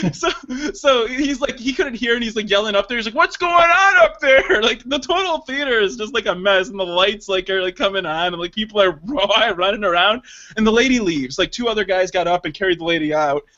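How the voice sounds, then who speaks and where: High, bright-voiced man telling a story. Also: a little fast. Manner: animated storytelling with laughter and acted quotes. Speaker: podcast host. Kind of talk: casual chat. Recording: dull lo-fi sound.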